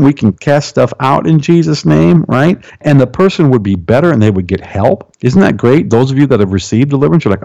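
A male pastor, a guest on the show, reading a text aloud and commenting on it in an animated preaching style. He keeps checking in with "right?" and "okay?" and jumps up in pitch for emphasis. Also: fast talker, creaky, no room sound. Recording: dull lo-fi sound.

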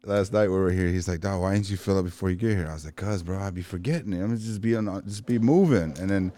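A man hosting a casual podcast, his voice sitting on the low side. He talks in a laid-back way, swears freely, and laughs often between his stories. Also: fast talker, warm tone, no echo. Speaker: podcast host.

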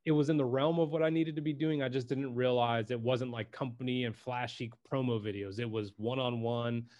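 A man's voice: mid-range voice, a little fast. Laid-back man telling a story, swearing. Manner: laid-back, swears freely, says "dude" often; acts out quotes in lively voices. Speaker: podcast guest, personal branding videographer. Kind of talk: casual interview storytelling.

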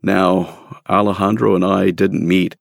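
A man's voice: low-pitched, flat delivery, a little slow, gravelly, no echo, studio quality. A man narrating his own memoir story in a candid, wry, emphatic way, read from a script. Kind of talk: scripted first-person storytelling.

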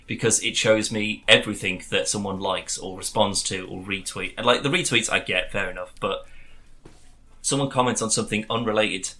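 A man's voice: lowish voice, fairly even intonation, normal speed, pushed and bright. A man, co-hosting a casual podcast in a wry, self-mocking way. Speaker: podcast co-host. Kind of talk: casual chat.

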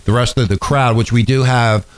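A man's voice: mid-range voice, steady tone, moderate pace, rough recording. A man hosting a casual political talk show, rambling and sarcastic with lots of restarts. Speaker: radio talk show host.

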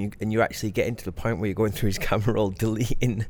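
A man's voice: lowish voice, level tone, racing, a little mellow. A man co-hosting a podcast, blunt and argumentative, swearing freely in casual chat. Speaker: podcast co-host.

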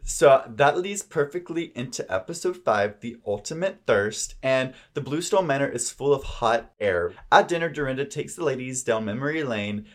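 A man's voice: mid-range voice, animated, moderate pace, few pauses. A man co-hosting a podcast, recapping a reality show in gushing, chatty talk. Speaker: podcast co-host. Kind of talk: casual recap chat.

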